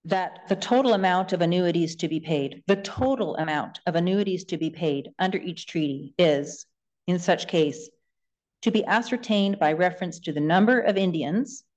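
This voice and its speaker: A woman lawyer making a formal closing submission in court, reading passages aloud from documents in a measured way. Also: on the low side, darkish tone. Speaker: government lawyer.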